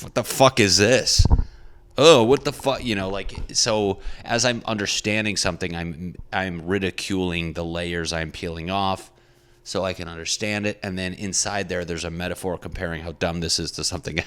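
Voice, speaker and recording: Low-voiced man rambling, swearing freely. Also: fairly bright tone. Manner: rambling, profane, self-reflective. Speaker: comedian and podcast host. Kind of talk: casual solo podcast monologue.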